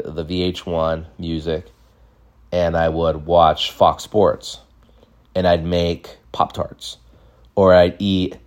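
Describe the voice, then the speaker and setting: A young man from California telling rambling childhood stories on a podcast, jumping into high voices to act out what people said. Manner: rambling, acts out quotes in high mimicking voices. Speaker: podcast host. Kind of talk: casual storytelling monologue.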